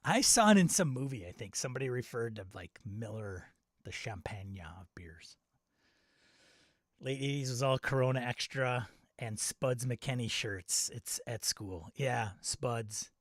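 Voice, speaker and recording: A man's voice: mid-range voice, animated, moderate pace, no echo, clean studio sound. A middle-aged man from Wisconsin hosting a casual live-stream chat, rambling and nostalgic, often laughing at himself. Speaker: channel host.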